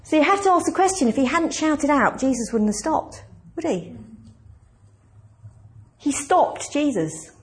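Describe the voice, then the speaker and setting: A woman's voice: high voice, lively intonation, measured pace, long pauses. A woman pastor preaching a conversational, emphatic sermon and asking the congregation questions.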